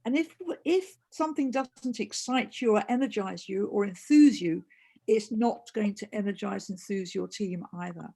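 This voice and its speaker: A woman's voice: medium pitch, normal speed, creaky, dark tone. A woman co-hosting a webinar discussion, talking earnestly and often restarting her phrases. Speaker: co-host and consultant.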